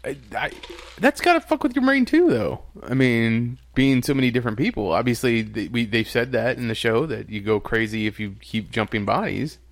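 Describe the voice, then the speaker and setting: A man's voice: mid-range voice, animated, normal speed, no room sound. A man in casual chat reviewing a TV episode as a podcast host, chatty, often laughing and restarting his sentences.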